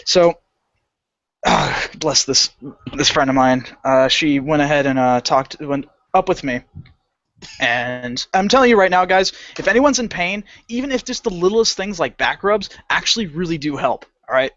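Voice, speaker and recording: A man's voice: fairly high pitch, moderate pace, no room sound. A man co-hosting a podcast, telling a long profane story in casual chat and acting out what people said. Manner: animated, profane, acts out quoted lines. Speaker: podcast co-host. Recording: dull lo-fi podcast audio.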